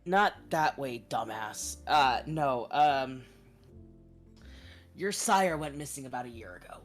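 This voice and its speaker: A mid-pitched tabletop role-player speaks bluntly and swears freely, often stalling on fillers while explaining tangled plot points. Faint music plays behind the voice. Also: animated, slow. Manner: blunt, profane, hesitant with fillers. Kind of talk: in-character tabletop role-play.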